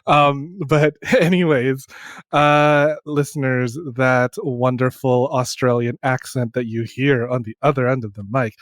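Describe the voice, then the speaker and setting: Male podcast host, mid pitch, camp and cheeky, dry close mic. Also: steady tone, a little slow, no echo. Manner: campy, joking, giggly. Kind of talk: casual podcast chat.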